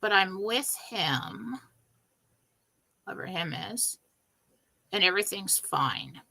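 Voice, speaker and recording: Woman psychic on a live stream, bright tone, casual and rambling. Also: medium pitch, expressive, slow, creaky. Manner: casual, loose, thinks aloud with fillers. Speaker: psychic answering viewer questions.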